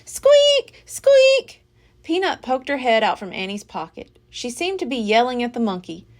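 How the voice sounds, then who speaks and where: A woman reading a children's book aloud as a library storyteller, with an expressive, dramatic delivery. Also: fairly high pitch, brisk.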